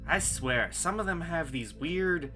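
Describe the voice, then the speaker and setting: A man's voice: on the high side, animated, unhurried, sharp tone, faint music behind, voice pushed up. A man voicing a nervous, rambling male halfling villager who stammers and gossips. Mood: gossipy. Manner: stammering, jumpy.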